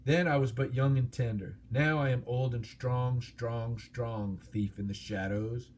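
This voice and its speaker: A man's voice: mid-range voice, steady tone, a little mellow, a little hiss or hum, close to an everyday voice. Smaug, a man doing a gloating dragon. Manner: mocking, boastful, slow grand delivery. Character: huge old male dragon, proud, wily, gloating.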